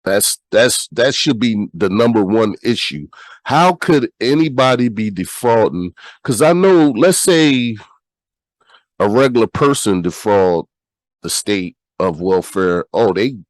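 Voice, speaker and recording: A sick American podcast host with a nasal, stuffy voice, talking bluntly and reading news aloud. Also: male voice, lowish voice, animated, takes it slowly, no echo, poor audio. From United States. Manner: blunt, repeats himself, swears freely.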